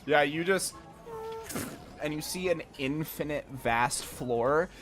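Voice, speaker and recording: A man's voice: fairly high pitch, takes it slowly, music in the background. A young man narrating a tabletop game as game master, loose and giggly, swearing casually.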